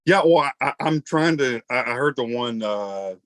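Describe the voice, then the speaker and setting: Folksy host, rambling and chatty. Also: male voice, mid-range voice, expressive, moderate pace, fairly bright tone, dry recording. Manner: folksy, rambling, self-deprecating. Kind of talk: casual interview chat.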